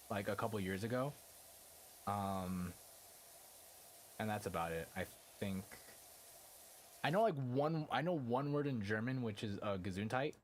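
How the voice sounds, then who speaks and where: A man's voice: fairly low pitch, a little hiss or hum. A young adult man chatting casually on a live stream, rambling and packing his talk with fillers and casual swearing. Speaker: game streamer.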